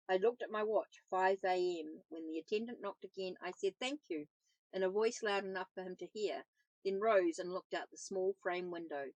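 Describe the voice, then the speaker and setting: Woman, calm novel reading, steady delivery, medium pitch, dry recording. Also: no echo, low-quality recording. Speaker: host and book reader.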